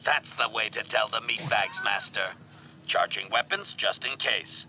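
An actor voicing a sardonic, murderous male assassin droid with a flat, mechanical delivery, heard through noisy game audio. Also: lowish voice, measured pace, lightly acted. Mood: menacing.

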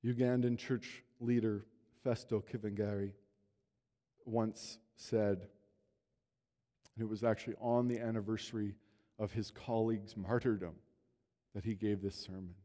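A man preaching a sermon as pastor, telling a story earnestly, his voice swelling and then dropping low. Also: fairly even intonation, unhurried, pauses often, warm tone. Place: church sanctuary. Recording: long reverb of a church hall.

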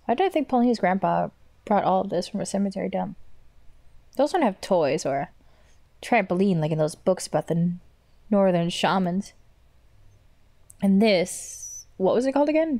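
A woman's voice: medium pitch, a little mellow, no room sound. Woman streamer joking through a game. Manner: reads and translates game text aloud, swears, jokes. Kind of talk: casual let's play commentary. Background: faint game music.

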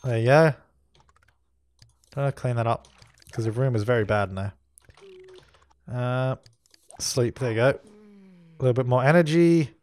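A man's voice: mid-range voice, unhurried, pauses often, a little mellow. A man hosting a let's play, chatting casually and giving orders to the characters on screen as he plays. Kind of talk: casual gameplay commentary.

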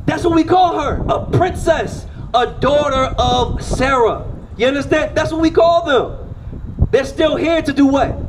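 A man's voice: very high voice, a little slow, background noise. A man preaching outdoors on a street, firing rhetorical questions at the crowd and pulling them into call-and-response.

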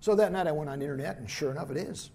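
Gravelly preacher telling stories. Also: male voice, fairly high pitch, very fast. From United States. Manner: animated anecdotes, voices quotes, laughs at himself. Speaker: missionary preacher. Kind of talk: storytelling sermon. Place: church hall.

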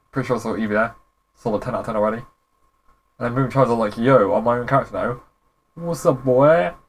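A young man giving casual, rambling commentary as a gaming YouTuber, with relaxed, slangy reactions. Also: mid-range voice.

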